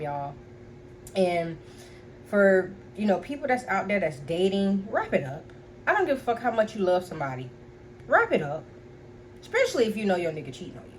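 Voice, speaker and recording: A young woman chatting straight to her viewers in a loose storytime vlog, packing her talk with fillers and blunt swearing. Her voice sits in a middle pitch, and a faint hiss runs under the recording. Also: big pitch swings, normal speed. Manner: chatty, full of fillers, addresses viewers as y'all; blunt and profane. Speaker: storytime vlogger.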